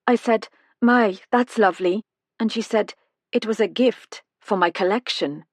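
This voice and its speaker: A woman narrator voicing an earnest young female nursing apprentice who speaks quickly and urgently. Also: mid-range voice, no echo, voice pushed up, natural voice. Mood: recalling.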